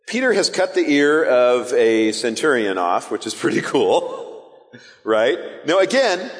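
A young man preaching a sermon as pastor, animated and casual, acting out the disciples' voices as he tells the story. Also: medium pitch, long reverb tail.

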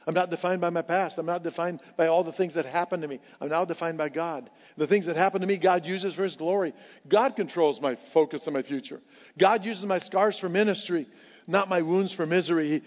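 A pastor preaching a sermon with passion, repeating key lines for emphasis. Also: male voice, fairly high pitch, fairly quick. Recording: dull sound with long hall reverb.

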